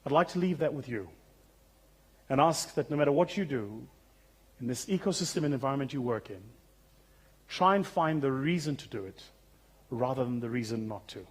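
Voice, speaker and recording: A South African man giving a keynote speech on a conference stage, telling stories with humour in a relaxed, conversational way. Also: mid-range voice, normal speed, long pauses, husky. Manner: humorous, conversational, vivid storytelling. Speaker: keynote speaker.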